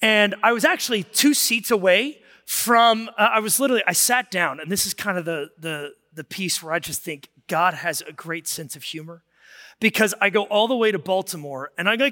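Animated preacher man in a big hall. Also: sits high, normal speed. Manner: animated storytelling, rising to shouts. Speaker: pastor. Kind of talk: sermon.

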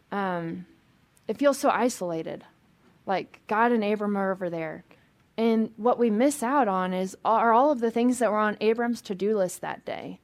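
A woman's voice: medium pitch, darkish tone. A woman pastor preaching a sermon in a conversational, emphatic way, with frequent restarts and asides.

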